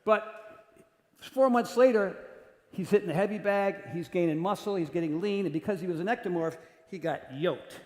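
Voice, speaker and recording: A man speaking in a voice on the higher side, animated and jokey, acting out the people in his stories. It rings through a large conference hall with a long, roomy echo. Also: normal speed. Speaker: keynote speaker. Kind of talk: storytelling talk to an audience. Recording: echoey hall with long reverb.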